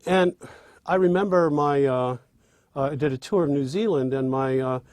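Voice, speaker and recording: Animated man teaching, fairly high voice. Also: normal speed, no echo. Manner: demonstrates by speaking and singing lines; animated, with restarts. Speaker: songwriting teacher. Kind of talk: spoken lesson with sung examples.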